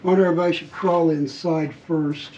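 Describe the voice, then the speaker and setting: Higher-voiced man narrating his work. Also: steady tone, unhurried, darkish tone, highs cut off, slight background noise. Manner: practical, talks through each step of the job. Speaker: vlogger working on his RV. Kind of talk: casual work narration to camera. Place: workshop area around a vehicle frame.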